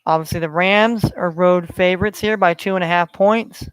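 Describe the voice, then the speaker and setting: High smooth-voiced podcast host. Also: male voice, steady tone, normal speed, fairly bright tone, dry recording. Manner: rambling, filler-heavy. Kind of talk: solo sports betting talk.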